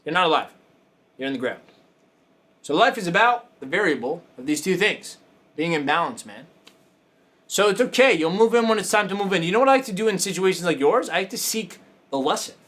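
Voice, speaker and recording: A man hosting a coaching show with a high voice that swings widely in pitch. He talks in a loose, emphatic motivational way, hammering phrases over and over and throwing in swearing and laughter. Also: lively intonation, a little fast, long pauses, fairly bright tone. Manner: emphatic, repetitive, profane, laughing asides. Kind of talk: casual motivational talk.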